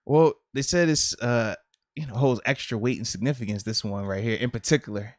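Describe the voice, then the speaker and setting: A man's voice: mid-range voice, a little fast, dry recording, studio quality. A man co-hosting a casual sports podcast, teasing and laughing often. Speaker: podcast co-host.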